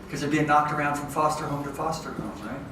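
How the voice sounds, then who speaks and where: A man giving a lively, conversational lecture to educators, often checking in with his audience. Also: a little high, fast. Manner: lively, conversational, keeps checking in with "okay?" and "right?". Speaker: education professor giving a talk. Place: large hall with an audience. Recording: echoey hall from far off, faint noise.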